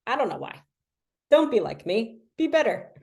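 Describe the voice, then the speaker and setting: A woman's voice: on the high side, big pitch swings, moderate pace, vocal fry, dark tone. A young adult woman casually teaching language learning on a livestream, chatty and self-deprecating, with lots of fillers.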